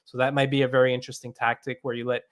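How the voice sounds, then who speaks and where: A man with a voice of ordinary pitch, the guest developer on a casual gaming podcast. He explains his ideas one step at a time and fills the pauses with "like," "um" and "you know.". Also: little pitch movement. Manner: explains step by step with many fillers.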